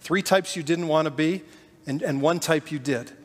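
Brief: high-voiced male pastor preaching earnestly, with a long hall echo. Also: normal speed. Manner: earnest, animated storytelling. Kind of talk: sermon.

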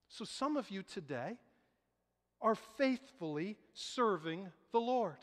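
High-voiced pastor preaching in a hall. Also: male voice, unhurried. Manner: animated storytelling, voices quoted people. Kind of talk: sermon. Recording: reverberant hall.

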